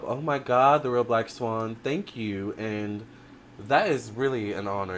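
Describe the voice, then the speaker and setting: A man hosting a livestream as a tarot reader, chatting casually and reading out viewer comments, talking expressively with lots of fillers and quick restarts. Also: medium pitch, a bit bright, a little hiss or hum. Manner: addresses viewers directly with frequent "all right?".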